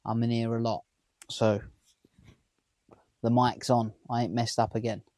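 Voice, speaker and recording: A man's voice: medium pitch, level tone, unhurried, a little mellow, no echo. Man, 30s, London-area accent, mid-range voice, dry close sound, rambling vlog chat from a van. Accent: southern English, London area. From England. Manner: rambling, chatty, asks viewers questions. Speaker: vlogger. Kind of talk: casual chat to camera. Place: inside a parked camper van.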